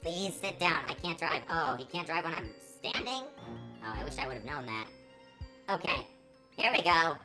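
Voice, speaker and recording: A woman hosting a let's play, reacting dramatically with panicky yelling and pleading. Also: low-pitched, animated, normal speed, poor audio. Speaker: gaming channel host. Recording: voice over game music.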